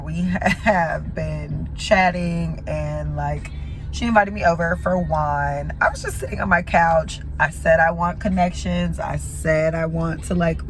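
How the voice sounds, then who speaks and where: A woman's voice: lowish voice, poor audio. A woman, chatting casually to camera in a vlog, gushing and full of "like" and "y'all". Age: 40s. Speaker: vlogger.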